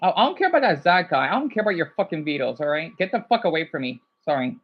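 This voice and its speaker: A man's voice: fairly high pitch, sing-song, slightly rough, lo-fi sound. A man livestreaming in a casual, rambling way, upset and burnt out, apologizing often between outbursts. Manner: agitated, rambling, quick to apologize.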